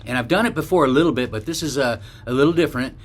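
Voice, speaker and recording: A man's voice: mid-range voice, very fast. A man from northern California, a bikepacking vlogger, telling a story to camera in a loose, rambling way with restarts and asides.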